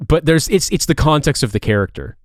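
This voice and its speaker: A man's voice: a little high, expressive, fairly quick, no echo, clean studio sound. A man in his thirties, a podcast co-host from Indiana, chatting casually in a rambling, profane way with many restarts. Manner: rambling, profane, self-correcting. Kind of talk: casual chat.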